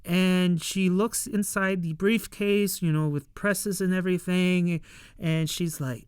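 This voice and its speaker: A casual reviewer talking through a TV episode at a slow, easy pace. The voice is very smooth and clean, recorded dry and close with no room sound. The talk rambles through fillers and slips into quick impressions of the characters. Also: mid-range voice, fairly even intonation, no echo. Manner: rambling, many fillers, acts out characters' lines.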